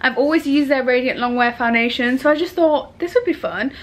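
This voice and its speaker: A young woman chatting excitedly to camera in a casual travel vlog, swearing now and then. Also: high-pitched, brisk, low-quality recording. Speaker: vlogger.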